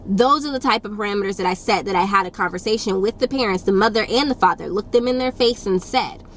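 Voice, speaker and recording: A woman's voice: mid-range voice, fast talker, fairly bright tone, slight background noise. A young woman tells a casual storytime. She talks in a blunt, firm and sassy way and repeats her points for emphasis. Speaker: YouTube storyteller.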